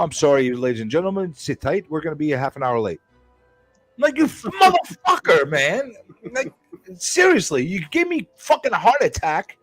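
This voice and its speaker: Animated, profane man telling a story. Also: fairly high pitch, dry recording. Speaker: live stream host. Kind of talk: casual storytelling on a live stream.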